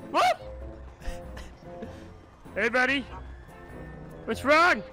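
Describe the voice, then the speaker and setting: A man voicing an excitable figure who shouts and exclaims at a dog in game role-play. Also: very high voice, extremely slow, soft background music, exaggerated voice, poor audio. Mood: excited.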